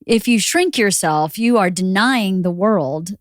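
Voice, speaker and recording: A woman's voice: mid-range voice, animated, unhurried, dry recording, studio quality. A woman guest on a podcast, talking earnestly and reflectively in casual conversation. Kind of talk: casual chat.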